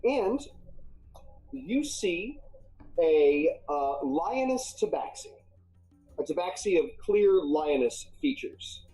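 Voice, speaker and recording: A man narrating a tabletop game as game master, halting with many ums and uhs. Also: a little high, sing-song, dark tone, soft background music, low-quality recording. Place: live stream.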